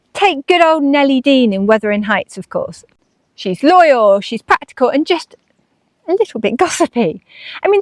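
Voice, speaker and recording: A woman's voice: on the high side, no echo. A woman vlogger talking casually, chatty and acting out her own inner voices. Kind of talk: casual chat.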